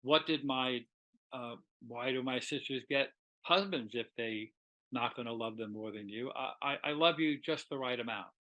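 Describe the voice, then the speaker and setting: A man voicing an honest young princess who answers plainly and haltingly, in a lecture retelling. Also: mid-range voice, pushed and bright, muffled recording, natural voice. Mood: earnest. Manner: measured, halting.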